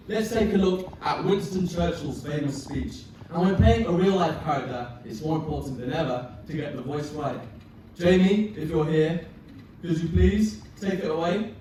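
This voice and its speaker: A man giving a scripted lecture performance, presenting clearly to an audience. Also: on the high side, moderate pace, dark tone, slight background noise. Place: performance venue. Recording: echoey hall from far off.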